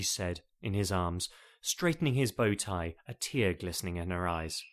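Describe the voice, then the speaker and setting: Lively, wry male storyteller. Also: deep voice, normal speed. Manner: wry and playful. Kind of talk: comic story narration.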